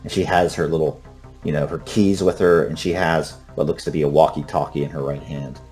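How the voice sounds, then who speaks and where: A man running a tabletop horror game as game master. His voice is very low, and his narration stays hushed and unhurried, often restarting mid-phrase. A faint music bed runs beneath him. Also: fairly even intonation.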